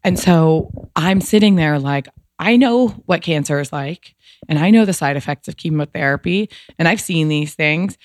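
A woman's voice: sits low, moderate pace, no room sound, clean studio sound. A woman guest telling a personal story in a casual, emotional way, rambling with lots of fillers and restarts.

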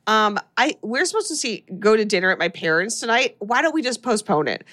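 A woman talking casually on a podcast, retelling a story. She tells it with energy and slips into quick impressions of the characters. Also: fairly high pitch. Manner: animated storytelling, acting out characters' lines. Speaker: podcast co-host recapping a film. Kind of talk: casual chat.

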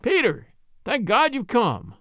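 A man's voice: extremely high pitch, wildly swooping pitch, slow, creaky, a bit bright, no room sound, voice pushed up, heavily acted. A man voicing a shaky, hungover male sheep man who falters and pleads.

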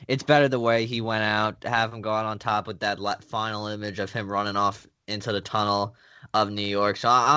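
A man's voice: fairly low pitch, sharp tone, clean tone, no room sound. A young man co-hosting a casual sports podcast, laughing easily and chatting through game analysis. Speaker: podcast co-host.

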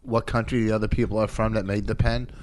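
A man's voice: lowish voice, fast talker. A man co-hosting a podcast, bickering in a casual chat with frequent interruptions. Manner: animated, argumentative, jumps in with interruptions. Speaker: podcast co-host.

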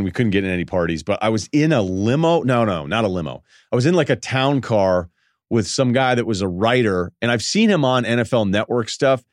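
This forties-aged podcast host has a lowish voice, captured in clean studio audio without any room sound. His delivery is a casual storytelling monologue, loose and self-deprecating, broken up by laughter between phrases.

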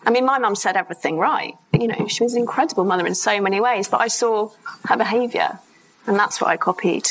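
A woman's voice: mid-range voice, quick pace, a bit bright, slight background noise, rough recording. A woman hosting a live interview, giving short prompts and asking questions.

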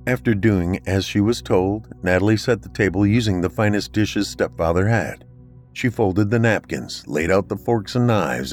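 Low-voiced man narrating horror. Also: a little mellow. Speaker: podcast narrator.

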